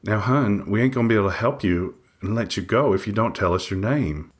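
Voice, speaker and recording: A man voicing a weary female jail nurse, soft-spoken and folksy with a drawl. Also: on the low side, lively intonation, fairly quick, close to an everyday voice. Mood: coaxing.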